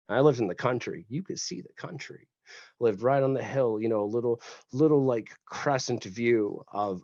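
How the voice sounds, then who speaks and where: A man's voice: on the low side, a little mellow, no room sound. Casual male podcast guest from West Tennessee, rambling storyteller who cracks jokes and swears; dry, dull lo-fi sound.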